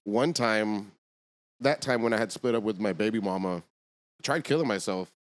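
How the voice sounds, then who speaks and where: A man, a podcast guest, talking in relaxed slang in a casual chat. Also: lowish voice, moderate pace. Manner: laid-back slang, calls people dog and bro.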